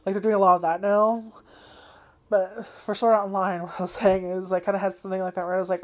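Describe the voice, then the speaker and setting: A woman's voice: mid-range voice, fairly even intonation, fast. A woman chatting casually at home as an anime vlogger, rambling, trailing off and swearing often. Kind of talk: casual chat. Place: home, indoors.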